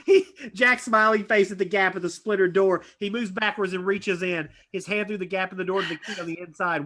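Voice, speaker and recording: A man reading stage directions aloud at a live script reading, animated and tossing in asides. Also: sits high, fairly quick, few pauses, slight background noise. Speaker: script reader.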